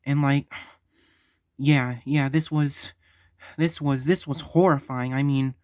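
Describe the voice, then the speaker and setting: A man telling a story on his vlog, halting and stumbling, often repeating himself. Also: medium pitch, fairly even intonation, darkish tone, dry recording, clean studio sound. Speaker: vlogger.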